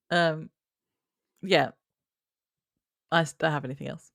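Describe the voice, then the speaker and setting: Slow, lively British woman joking. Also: sits low, creaky, dry recording, clean studio sound. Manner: joking reactions and playful interjections. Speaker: podcast co-host. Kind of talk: casual chat.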